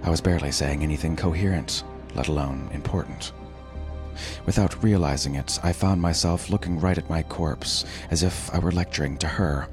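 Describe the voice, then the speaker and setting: Very deep-voiced male storyteller. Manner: measured, dramatic storytelling. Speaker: story narrator. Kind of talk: scripted first-person story reading. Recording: narration over background music.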